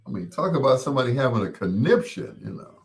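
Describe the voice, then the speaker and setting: A man's voice: mid-range voice, expressive, fast, creaky. A man hosting his show, telling a casual story, laughing as he acts out the people he quotes. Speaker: host.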